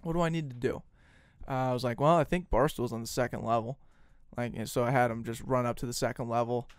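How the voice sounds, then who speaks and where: A young man co-hosting a podcast in casual chat, telling a story with lively acted-out phone calls. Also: mid-range voice, fast talker, smooth, no room sound, studio quality. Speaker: podcast co-host.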